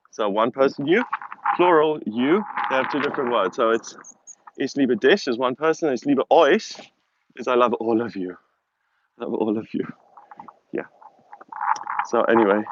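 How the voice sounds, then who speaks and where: A man with a South African accent, chatting casually in a rambling, self-mocking way while live-streaming from a hilltop on a phone. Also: medium pitch. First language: German. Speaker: vlogger. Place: outdoors on a hilltop. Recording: dull lo-fi phone audio with wind noise.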